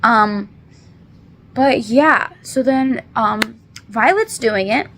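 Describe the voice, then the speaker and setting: Speaking very slowly in a fairly high, somewhat bright voice, a book reviewer in her twenties talks through a book's story. Her recap is chatty, rambling, and apologetic, packed with fillers, and she's fighting back tears. A little hiss or hum sits in the audio.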